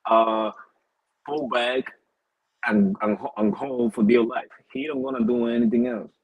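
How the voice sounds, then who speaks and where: A man co-hosting a casual boxing talk show, animated and profane, laughing often. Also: mid-range voice, measured pace, gravelly, husky, no echo, phone-quality sound. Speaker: boxing podcast co-host. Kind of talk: casual chat.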